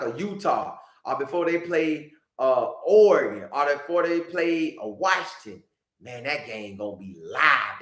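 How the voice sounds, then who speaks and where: A man hosting a casual live stream, talking straight to his viewers in an animated, repetitive way. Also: a little high, roomy sound. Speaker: podcast host reading live chat.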